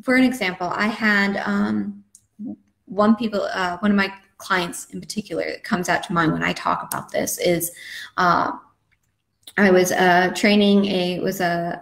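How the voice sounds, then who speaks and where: A woman's voice: medium pitch, creaky, a bit bright. A woman dog trainer teaching a live webinar lesson in a chatty, conversational way, with frequent fillers. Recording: roomy echo.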